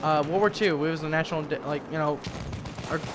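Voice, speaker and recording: A man's voice: on the high side, fast, noisy background. A young American man giving profane, rambling commentary while playing a game, jumping between topics with asides. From United States. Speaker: gaming commentator. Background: music and gunfire from a game.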